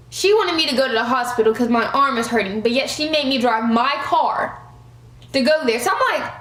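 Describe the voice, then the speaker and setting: A young woman in her twenties tells a storytime to her viewers, animated and fond of y'all. Her voice sits fairly high, and her talk rings in an echoey room. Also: brisk. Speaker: vlogger.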